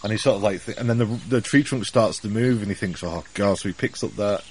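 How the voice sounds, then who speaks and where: A man co-hosting a casual film podcast in a fairly low voice. He retells scenes in an animated, rambling way. Faint background noise sits under him. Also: fast. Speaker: podcast co-host.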